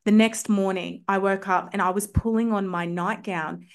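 A woman's voice: medium pitch, fairly even intonation, normal speed, clear, resonant tone. A woman homeopath telling personal stories as a podcast guest, enthusiastic and chatty, with lots of filler words. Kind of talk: casual storytelling in a podcast interview.

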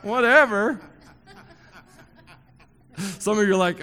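High, lively joking preacher in reverberant hall. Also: male voice, a little slow. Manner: joking and conversational with the congregation; emphatic, repeating key phrases. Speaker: pastor. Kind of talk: sermon. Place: church hall before a congregation.

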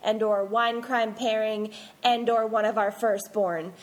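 A woman's voice: a little high, fairly even intonation, measured pace. A woman co-hosting a casual podcast chat, chatty and often breaking into laughter between words. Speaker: podcast co-host.

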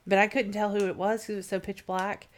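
A woman's voice: medium pitch, level tone, fast. A young woman co-hosting a podcast, recounting a story in a candid, wry way with casual swearing. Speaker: podcast co-host.

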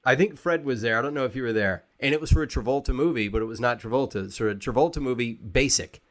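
Sex: man. Role: podcast host. Pitch: mid. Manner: chatty. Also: quick pace, a bit bright. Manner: chatty, explaining the craft. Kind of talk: casual interview chat.

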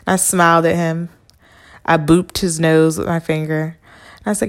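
A woman with a somewhat low voice hosts her own podcast as a casual solo monologue. She is blunt and candid, swears freely, and keeps turning to the listener as if they were a friend. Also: little pitch movement, moderate pace. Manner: conversational, addresses listener directly. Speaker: podcast host.

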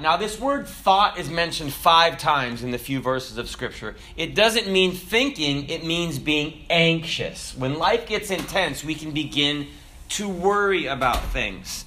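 Man, pastor, sermon, slightly high pitch, bright tone, emphatic, humorous asides. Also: sing-song, measured pace.

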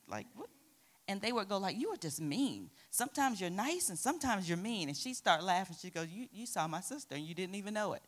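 A middle-aged woman preaching to a youth group, telling a personal story with lively acted-out quotes. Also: medium pitch. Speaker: youth pastor.

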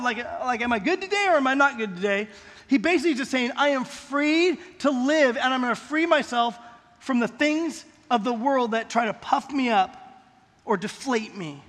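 A male pastor with a very high voice preaches to his congregation in a church sanctuary. He is emphatic, and he slows down and lifts his voice on the points he wants to stress. Long reverb from the hall trails behind every phrase. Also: expressive, a bit bright. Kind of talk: sermon.

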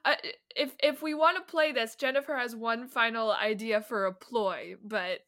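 A woman playing in a tabletop role-play, animated, laughing and working out ideas aloud. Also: a little high, normal speed. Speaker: player.

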